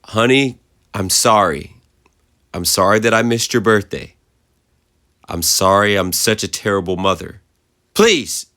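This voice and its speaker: A man puts on a frantic mother's voice for an audio horror tale, pitched well above his own, soft and wheedling one moment and tearful the next. She coaxes and begs through a locked door, and her lines reach for high, strained notes. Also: lively intonation, measured pace, hardly any pauses. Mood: coaxing. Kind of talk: creepypasta narration.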